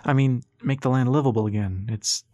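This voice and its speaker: A man's voice: mid-range voice, brisk, darkish tone, dry recording, muffled recording, lightly acted. A man reading the lines of a curious, earnest young woman who asks eager questions.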